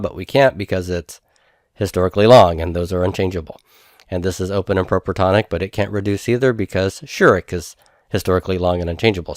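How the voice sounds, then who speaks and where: A man lectures on grammar in a somewhat low voice, recorded close and dry. He works through each step patiently, spelling out syllables slowly and pausing to check that his students follow. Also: dry recording. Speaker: Hebrew grammar teacher.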